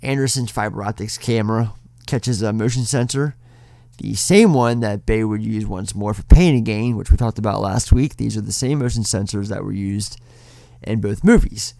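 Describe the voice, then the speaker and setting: A man's voice: on the low side, moderate pace, vocal fry, warm tone, no room sound, studio quality. A man co-hosting a podcast, casually retelling a film scene by scene with plenty of swearing. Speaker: podcast co-host. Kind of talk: casual film-review chat.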